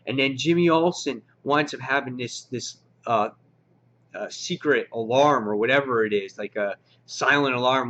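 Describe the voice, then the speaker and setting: A man giving a casual, slangy spoken review of a comic book, excitable and quick to act out his own reactions. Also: mid-range voice. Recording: dull lo-fi recording.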